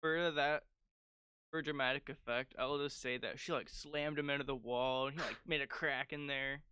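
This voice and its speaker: A man's voice: mid-range voice, normal speed, smooth, no echo, clean studio sound. A young man co-hosting a podcast, telling childhood stories in casual chat, full of filler words. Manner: animated storytelling with frequent "like" fillers. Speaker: podcast co-host.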